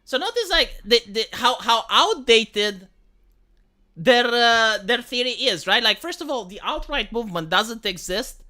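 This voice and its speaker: Bright, lively-voiced woman streamer. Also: fairly high pitch, unhurried. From Romania. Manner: rambling, with many restarts and swearing. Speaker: live streamer. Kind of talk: casual livestream commentary.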